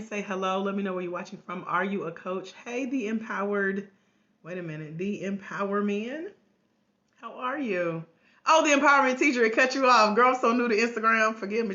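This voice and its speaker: A woman hosting a casual livestream from home, hoarse with a cracking voice, chatting and greeting viewers by name through a tablet mic. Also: medium pitch, bright, forceful tone. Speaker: life coach trainer hosting a livestream. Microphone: tablet microphone. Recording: grainy lo-fi livestream audio.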